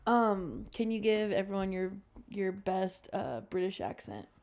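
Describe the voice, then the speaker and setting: A woman's voice: mid-range voice, very animated, measured pace, a little mellow. A woman hosting a podcast, asking her guest casual questions in an upbeat way. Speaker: podcast host. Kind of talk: casual interview chat.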